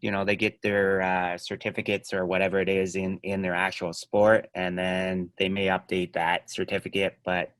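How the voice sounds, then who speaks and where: Low-voiced man telling stories. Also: moderate pace, few pauses, no room sound. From Canada. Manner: animated storytelling, laughs often, trails off quietly. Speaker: podcast guest, judo club owner and coach. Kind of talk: casual podcast chat.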